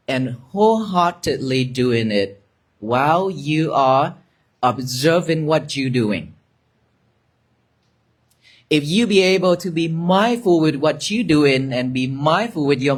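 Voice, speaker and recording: Slow gentle-voiced meditation teacher, man. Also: a little high. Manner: slow, gentle, repetitive instructions. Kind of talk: guided meditation talk.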